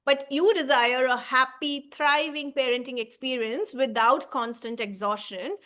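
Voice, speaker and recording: Speaking slowly in a high, slightly bright voice, this thirty-something baby sleep coach addresses mothers with heartfelt sincerity. Her tone stays earnest and reassuring, peppered with "right?" and "okay?", though she's clearly moved and tearing up.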